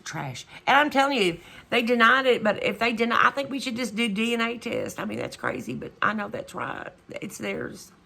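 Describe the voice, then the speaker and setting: A woman's voice: fairly high pitch, very animated, moderate pace, vocal fry, sharp tone. A middle-aged woman chatting casually in her home vlog, exasperated and rambling, trailing off with "whatever". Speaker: vlogger. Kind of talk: casual chat.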